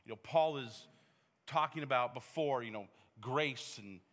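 Bright-voiced man hosting, hall reverb. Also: medium pitch, a little slow. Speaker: host. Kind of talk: faith talk show hosting.

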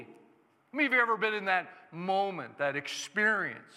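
A male pastor with a high, bright voice preaches in a church sanctuary at a moderate pace, animated throughout. He shifts between quiet, conversational teaching and loud exclamations, and the echoey hall lets a long reverb trail each phrase.

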